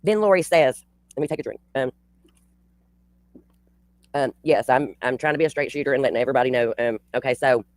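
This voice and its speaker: A woman's voice: very deep voice, fairly quick, long pauses, a little mellow, no room sound. A woman hosting a livestream, telling a story bluntly and profanely, with rambling restarts. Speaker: channel host.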